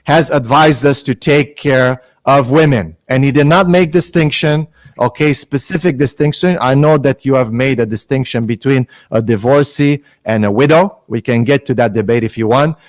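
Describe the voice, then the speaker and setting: A man's voice: medium pitch, moderate pace, dry recording. A man arguing his side in a heated online debate, pointedly mixing Arabic religious terms into his speech.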